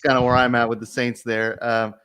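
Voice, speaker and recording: A man's voice: mid-range voice, little pitch movement, brisk, a bit bright. A man hosting a casual sports betting chat, easygoing as he runs the round-table. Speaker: host.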